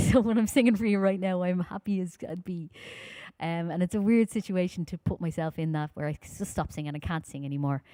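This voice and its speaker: A woman from Ireland with a Dublin accent, chatting quickly and informally with her audience between songs at a live-streamed concert. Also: lowish voice, warm tone, no echo. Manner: talks fast, chatty and informal, with many fillers.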